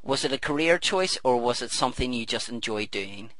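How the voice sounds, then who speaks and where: Bright-voiced eager male host. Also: mid-range voice, lively intonation, fairly quick, no echo. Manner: eager, stammering with fillers. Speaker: podcast host. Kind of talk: casual interview hosting.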